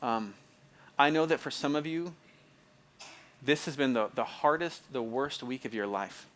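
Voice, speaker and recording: A man's voice: mid-range voice, a little slow, a bit bright, a little hiss or hum. Conversational male pastor preaching a sermon. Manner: conversational, repeats phrases, asks the audience if it makes sense; restarts and stumbles often, fills with "like".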